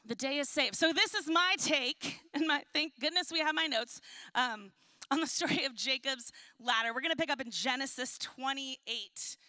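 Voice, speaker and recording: A woman pastor delivers a sermon in a high, bright voice. The sound is close and dry. She tells stories with humor and reads scripture in a soft, slow tone. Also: no room sound. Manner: storytelling with laughs and acted-out quotes; reads scripture softly and slowly.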